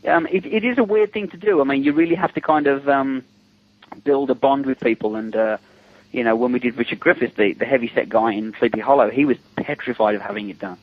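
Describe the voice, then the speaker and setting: Husky-voiced man telling stories. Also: medium pitch, a little fast, no room sound. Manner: chatty and amused, laughing between stories. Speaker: interview guest, special effects makeup artist. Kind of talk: casual anecdotal storytelling. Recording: dull lo-fi recording.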